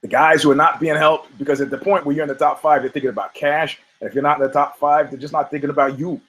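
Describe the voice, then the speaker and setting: Talking fast in a steady, slightly high, fairly bright voice, a man hosts a podcast and riffs on fight results. The casual comedic combat-sports commentary is rambling, full of swearing, and self-mocking. It's a rough recording.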